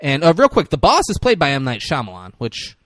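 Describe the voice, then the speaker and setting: A man co-hosting a podcast, recapping a movie in casual chat and jumping between quick voices for the characters. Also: a little high, no echo. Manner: animated retelling with quick voice shifts. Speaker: podcast co-host.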